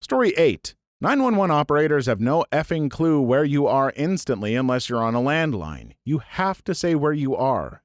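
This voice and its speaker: A man narrating a series of online posts in a brisk, animated storytelling read. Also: mid-range voice, no room sound, studio quality.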